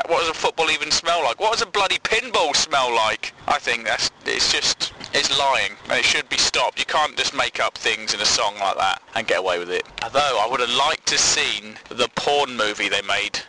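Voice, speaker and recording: A man's voice: fairly high pitch, sharp tone, slight background noise, rough recording. A young man delivering a sweary, sarcastic comic rant full of exasperation. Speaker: vlogger.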